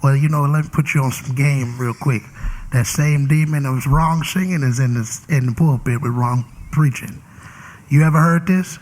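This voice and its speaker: A man's voice: medium pitch, normal speed, darkish tone. A man hosting a casual interview show as a bishop, talking in a playful, preachy way. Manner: playful, preachy, Southern Black church vernacular. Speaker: talk show host and bishop.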